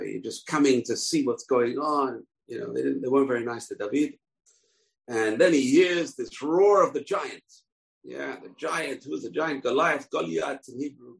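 A man's voice: mid-range voice, gravelly, poor audio. A man giving an informal bible lesson, telling the story conversationally with asides. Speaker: bible teacher.

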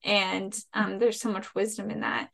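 A woman hosting an interview podcast, speaking in a warmly affirming and reflective way. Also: mid-range voice, flat delivery, moderate pace, gravelly. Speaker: podcast host. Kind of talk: conversational interview.

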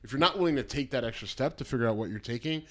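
A man's voice: medium pitch, animated, very fast, a bit bright. A man co-hosting a casual talk podcast, blunt and profane, rambling through his points with lots of restarts. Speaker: podcast co-host. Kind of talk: casual banter.

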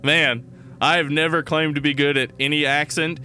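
A man's voice: a little high, moderate pace, slight background noise. A man co-hosting a podcast, riffing jokes in casual chat. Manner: jokey, animated riffing. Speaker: podcast co-host.

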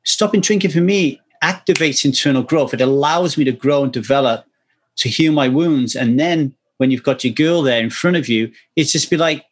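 A man talking candidly in a relaxed conversation, earnest and casually swearing, often restarting his sentences. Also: fairly high pitch, normal speed, husky. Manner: acts out quoted speech animatedly.

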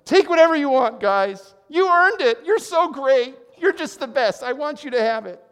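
A man doing a gushing, shouting king. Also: very high voice, lively intonation, normal speed, pitched above the performer's own voice. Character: overjoyed male king praising his troops. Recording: long hall reverb.

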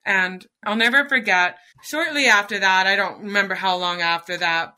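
A woman with a strikingly bright, forceful voice tells her own story as a podcast guest. She is middle-aged and talks with earnest feeling, lingering on the moments that matter. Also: medium pitch. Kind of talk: personal storytelling.

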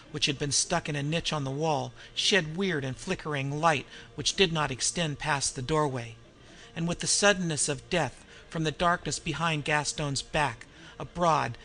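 A man narrating an audiobook in a steady, dramatic reading. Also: fairly high pitch, poor audio.

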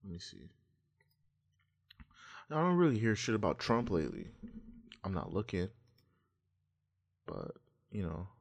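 A man's voice: fairly low pitch, wildly swooping pitch, measured pace, creaky, pauses often. A man rambling through a casual monologue, offhand, meandering and full of swearing.

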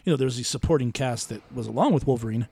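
A man's voice: medium pitch, racing, vocal fry, dark tone, slightly rough. A man co-hosting a comic book podcast in casual, rambling chat, laughing often.

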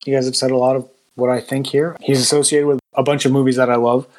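Male co-host, mid-pitched, earnest and measured in casual talk. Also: flat delivery, darkish tone. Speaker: podcast co-host. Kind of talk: casual podcast chat.

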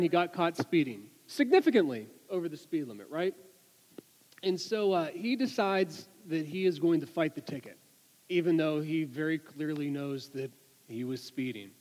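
A man giving a sermon, telling an anecdote with lively delivery and many restarts and repeated words. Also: fairly high pitch, moderate pace, in a large hall, poor audio. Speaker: preacher. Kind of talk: sermon with storytelling.

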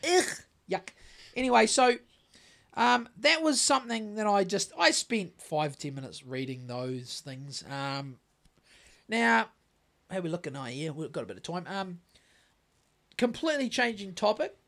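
A man's voice: high voice, sing-song, unhurried, creaky, pauses often, fairly bright tone. A man with a New Zealand accent co-hosting a podcast in casual chat, rambling and swearing, with many restarts. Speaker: podcast co-host.

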